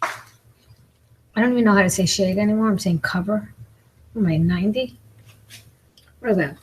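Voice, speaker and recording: A woman's voice: mid-range voice, moderate pace, darkish tone, slightly rough, rough recording. Chatty self-mocking woman in her forties. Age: 40s. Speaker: comedian and mukbang vlogger. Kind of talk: casual chat while eating.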